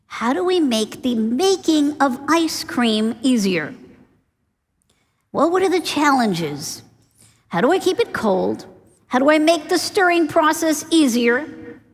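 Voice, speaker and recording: A woman's voice: high-pitched, in a large hall. A woman giving a business conference keynote, telling stories with rhetorical questions and stressed words. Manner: storytelling with rhetorical questions and emphasis. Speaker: keynote speaker. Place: large conference hall.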